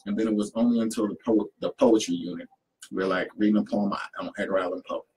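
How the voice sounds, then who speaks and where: A man's voice: lowish voice, fast, slightly rough, rough recording. A young man, a poet who works with youth, telling stories in casual conversation and acting out the people he quotes. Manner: animated storyteller who acts out quotes. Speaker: poet and youth program leader.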